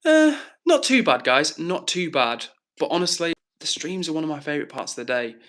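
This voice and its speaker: A man's voice: a little high, a little fast, pushed and bright. A man hosting his own live stream, chatting casually and reading out viewer comments in an upbeat way.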